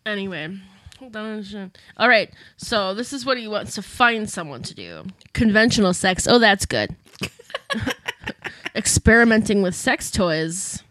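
Animated, bright-voiced woman podcaster. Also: medium pitch, measured pace, no room sound. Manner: profane, blunt and giggly. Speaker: podcast co-host. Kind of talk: casual chat.

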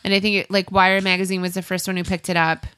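A woman co-hosting a podcast, with a lowish but bright voice. She talks in a hesitant way and fills it with likes and ums. The sound is dry and close. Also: flat delivery, quick pace, clear, resonant tone, no echo. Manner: chatty, hesitant, full of fillers. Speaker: podcast co-host. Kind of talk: casual chat.

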